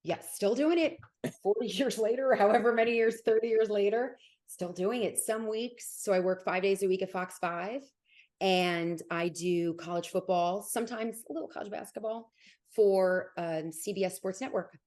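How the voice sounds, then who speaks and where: A woman in her forties with a New Jersey accent, a sports broadcaster talking quickly and animatedly as an interview guest. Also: mid-range voice, steady tone, a little mellow. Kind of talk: casual interview.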